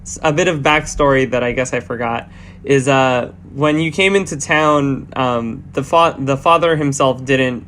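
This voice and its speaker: A man narrating as game master of a tabletop game, halting with many fillers and restarts. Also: medium pitch, fairly bright tone, a little hiss or hum.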